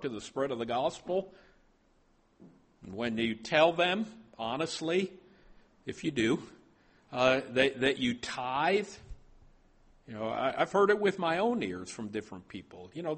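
A man's voice: medium pitch, fairly bright tone, husky. A male pastor preaching a sermon, stopping often and repeating his words as he goes.

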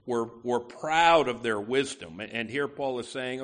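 A man's voice: medium pitch, a little slow, hardly any pauses, a bit bright. A man preaching a sermon, emphatic, often adding "you know" asides, with words that swell and drop.

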